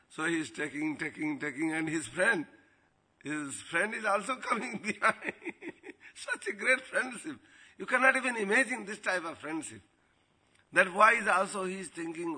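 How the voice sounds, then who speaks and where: A man giving a devotional storytelling talk as a spiritual teacher, animated and often laughing. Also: sits high, normal speed, slightly rough.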